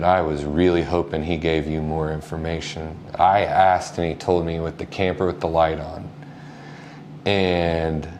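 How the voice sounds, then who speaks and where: A man's voice: low-pitched, a little mellow, slight background noise. A man, a funeral home co-owner, telling an anecdote in a casual storytelling style and acting out the people he quotes.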